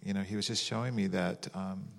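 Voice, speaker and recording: A man's voice: sits low, fairly even intonation, brisk, vocal fry. A man preaching a sermon and praying in a conversational, rambling way. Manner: conversational, rambling, acts out mock voices with laughter. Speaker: pastor. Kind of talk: sermon with prayer.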